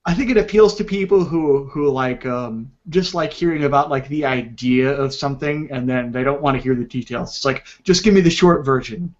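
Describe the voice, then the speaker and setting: A man's voice: mid-range voice, moderate pace, hardly any pauses. A man on a podcast panel in a casual chat, critical and using lots of fillers like "like" and "um.". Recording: dull lo-fi podcast audio.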